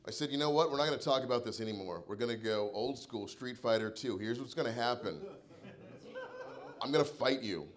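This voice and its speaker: Guy doing stand-up, swearing a lot, goes from low mutter to yelling, middle pitch. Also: fairly quick, a crowd in the background. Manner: profane, swings from mutters to furious shouting in retold rants. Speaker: stand-up comedian. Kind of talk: stand-up set. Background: audience laughter.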